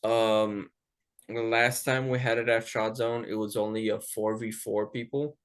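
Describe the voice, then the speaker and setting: A man hosting a podcast, telling a casual story in an animated way, swearing freely and acting out the quotes. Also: lowish voice, a little slow, clear, resonant tone. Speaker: podcast host.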